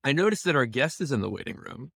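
A man co-hosting a podcast, chatting casually with wry, deadpan asides. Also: medium pitch, fast talker, creaky, no echo, clean studio sound. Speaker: podcast co-host. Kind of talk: casual chat.

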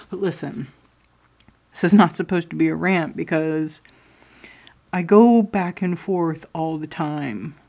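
A woman's voice: deep voice, slow pace, long pauses, warm tone. A woman talking to her audience in a rambling, candid personal monologue, swearing often as she tells stories about her life. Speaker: podcast host.

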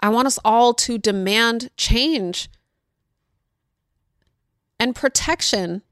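Her voice fairly high, slightly bright, and slow, a woman hosts a reflective solo podcast recorded in studio quality with no room sound. She talks earnestly and emotionally, rushing a bit as she retells tense moments.

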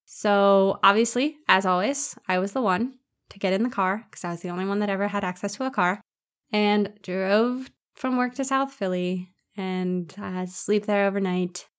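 A woman's voice: medium pitch, moderate pace, clean tone. A woman telling a story bluntly and brashly, acting out what people said. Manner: blunt, brash, acts out quotes. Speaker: interviewee, sister. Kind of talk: casual storytelling.

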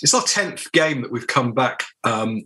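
A man's voice: mid-range voice, animated, measured pace, pushed and bright. A man co-hosting a football podcast, rambling casually through his views and often restarting his sentences. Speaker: podcast co-host.

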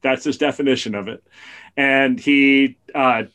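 A man on a podcast, telling a long story in a casual, animated way. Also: mid-range voice, a little slow, lo-fi sound. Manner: animated storyteller, gets excited and loud at punchlines. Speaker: podcast co-host. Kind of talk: casual chat.

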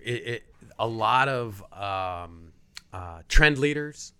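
Middle-aged man, liquor-trade guest, chatty, animated, bright. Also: lowish voice, slow pace, smooth. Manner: chatty, mimics pushy salespeople. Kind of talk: casual podcast chat.

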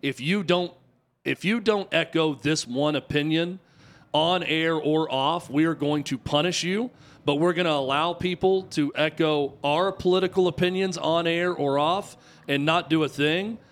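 A man's voice: fairly high pitch, a little slow. A man co-hosting a sports talk radio show, arguing his point with emphatic, repeated rhetorical questions. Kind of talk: opinionated talk radio commentary.

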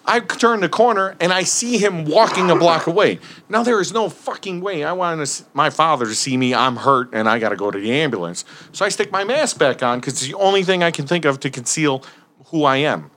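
A man's voice: a little high, a little fast, slight background noise. A man telling firefighting stories in casual, profane chat, acting out what people said. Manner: animated, profane, acts out quotes.

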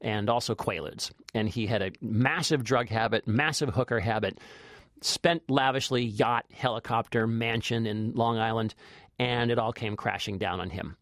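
A man's voice: medium pitch, moderate pace, fairly bright tone, no room sound, clean studio sound. A man co-hosting a movie review podcast, chatting casually with lots of fillers and restarts. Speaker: film critic podcast co-host.

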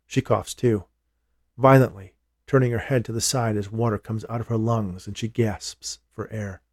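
A man giving a steady, measured first-person thriller narration as an audiobook reader. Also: on the low side, no room sound, clean studio sound.

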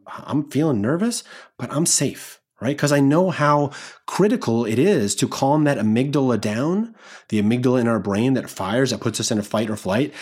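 A man's voice: mid-range voice, darkish tone, slightly rough. A man hosting a self-help podcast, talking straight to his listeners in an earnest, encouraging way and sometimes speaking as if coaching himself aloud. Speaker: podcast host.

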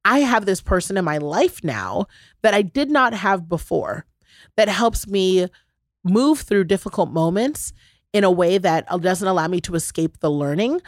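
Woman, podcast host, casual heartfelt chat, animated, gushing, dry close mic. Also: on the low side, dry recording. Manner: animated, laughing, gushing storyteller. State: briefly choked up.

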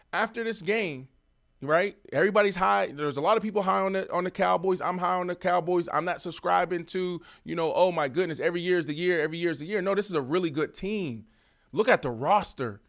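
An animated male sports podcast co-host in his thirties, a former receiver who argues hard and swings between loud pushes and quiet asides. His voice sits a little high for a man. The talk is casual and full of rhetorical questions. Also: moderate pace, vocal fry.

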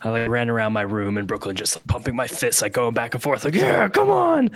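A man co-hosting a podcast in casual sports chat, excitable and full of fillers. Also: lowish voice. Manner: excitable, rapid, lots of fillers. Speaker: podcast co-host. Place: Brooklyn room.

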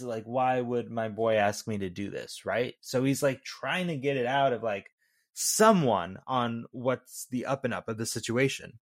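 A man co-hosting a film review podcast, talking loosely and casually with some swearing. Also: medium pitch. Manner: loose, profane, conversational. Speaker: podcast co-host.

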